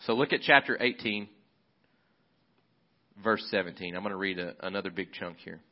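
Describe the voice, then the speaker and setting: Low-voiced casual male preacher. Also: normal speed. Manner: casual, conversational storytelling with fillers. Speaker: pastor. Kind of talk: sermon. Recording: slightly muffled recording.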